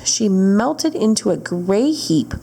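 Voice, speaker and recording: A woman's voice: medium pitch, sing-song, takes it slowly, gravelly, dark tone, husky, low-quality recording. A woman librarian reading a storybook aloud at storytime, narrating steadily and correcting small slips.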